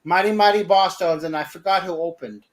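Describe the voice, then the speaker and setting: A man's voice: sits high, fairly quick. A man hosting a podcast, telling a casual anecdote animatedly, with stumbles. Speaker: podcast host. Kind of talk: casual storytelling.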